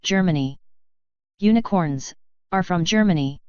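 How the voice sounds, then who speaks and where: A blunt, growling war veteran, voiced by a woman reader, talks in gruff, clipped lines. The voice is smooth and dry, and the recording sounds dull and lo-fi. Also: on the low side, measured pace, darkish tone, dry recording, natural voice.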